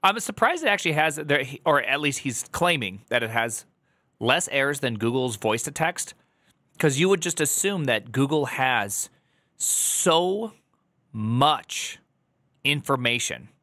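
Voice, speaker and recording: Male streamer, casual reaction chat, bright tone, rambling delivery. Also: mid-range voice, expressive, measured pace, dry recording. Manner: rambling, restarts, loud joking asides.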